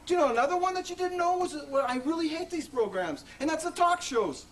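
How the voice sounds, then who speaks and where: A man's voice: extremely high pitch, animated, fast. A man giving an impassioned public talk, telling his own story in an emphatic, conversational way with sudden rises in his voice. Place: presentation venue before an audience. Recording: distant mic with faint noise, 1980s video.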